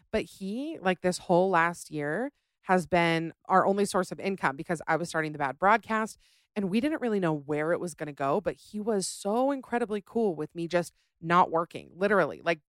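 A woman's voice: lowish voice, no room sound, clean studio sound. A young adult woman hosting a podcast, chatting casually and ranting with sass about listener stories. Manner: sassy, animated, ranting. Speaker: podcast host.

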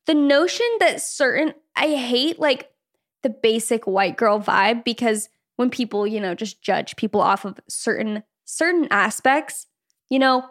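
A young woman with a high voice co-hosts a laid-back podcast. She talks with emphatic, ranting energy and keeps breaking into laughter. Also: animated, measured pace. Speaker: podcast co-host. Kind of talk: casual chat.

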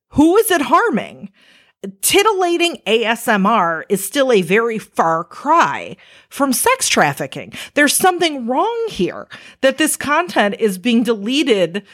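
A woman's voice: a little high, fairly bright tone. A woman giving casual explanatory commentary, conversational and emphatic, with rhetorical asides to the listener.

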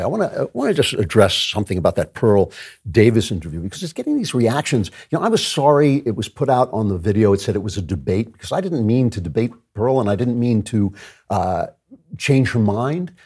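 A man hosting his own show, delivering an earnest opinion monologue with personal asides and repeated phrases. His pitch rises sharply when he makes a point. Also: sing-song, brisk, a little mellow, breathy edge. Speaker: show host.

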